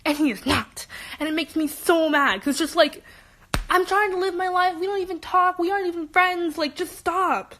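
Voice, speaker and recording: Teen girl, high voice, rants fast with lots of restarts, student venting. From Los Angeles. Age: teens. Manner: animated, rapid, many restarts. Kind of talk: emotional personal rant.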